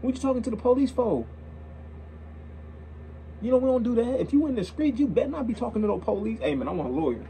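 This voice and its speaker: A man's voice: extremely high pitch, fast talker, creaky, pauses often, mellow, slight background noise, poor audio. A young man hosting a reaction video, talking in a casual, slangy way and repeating himself as he gets worked up.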